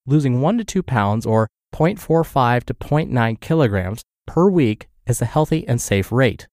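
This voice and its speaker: A man hosting a daily podcast, reading a health blog article aloud in a steady scripted way, slightly stuffed up from the flu. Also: mid-range voice, no echo, clean studio sound.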